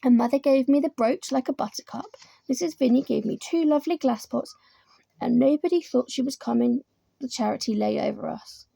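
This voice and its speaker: A woman's voice: a little fast, vocal fry, dark tone, slightly rough, dry recording. A woman reading a classic children's book aloud, lifting her voice for the characters' lines. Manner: voices characters with lifted pitch and volume. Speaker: volunteer reader.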